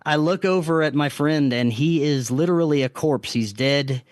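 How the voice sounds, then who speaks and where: A man's voice: a little high, moderate pace, no echo. A man, a podcast guest, earnestly retelling a strange experience with restarts and quoted self-talk. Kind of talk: storytelling in casual interview.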